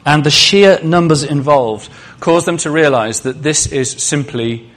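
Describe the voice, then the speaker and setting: A man's voice: on the high side, unhurried, a bit bright. A male preacher giving a sermon in a conversational way, asking the congregation questions and adding humorous asides.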